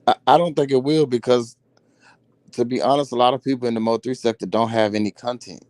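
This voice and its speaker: A man's voice: mid-range voice, fairly even intonation, a little fast, a little mellow, dry recording, studio quality. A man guest on a live stream, giving brief, dismissive answers. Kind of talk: casual live-stream chat.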